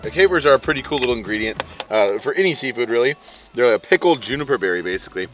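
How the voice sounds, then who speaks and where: A man chatting casually as he cooks outdoors, explaining each step in a relaxed way. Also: mid-range voice, fast talker, far from the mic, faint music behind, poor audio. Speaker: outdoor cooking vlogger. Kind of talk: casual cooking narration. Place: outdoors at a campsite.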